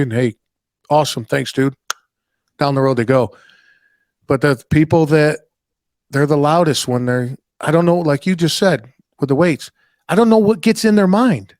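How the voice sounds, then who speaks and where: A man's voice: on the high side, no echo, studio quality. Storytelling man acting out customers. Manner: animated anecdotes, acting out customers' lines; salty, swears casually. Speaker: podcast host. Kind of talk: casual storytelling chat.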